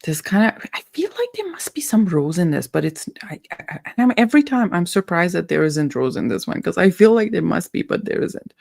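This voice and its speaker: A woman's voice: on the low side, big pitch swings, fairly quick, creaky, few pauses, a little mellow, dry recording. A woman hosting a casual perfume livestream, playful and a bit silly, giggling as she chats with viewers and muses over scents. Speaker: livestream host reviewing perfumes.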